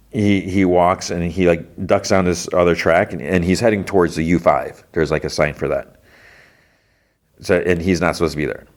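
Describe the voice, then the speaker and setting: A male podcast host giving a rambling, casual recap of a TV episode, full of fillers and restarts. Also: deep voice.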